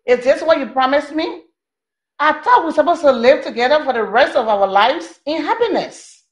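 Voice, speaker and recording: A woman's voice: high voice, animated, normal speed. An actress with a Liberian English accent playing a suspicious young wife, scolding her husband for his lies. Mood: accusing. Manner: accusing, scolding. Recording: echoey room.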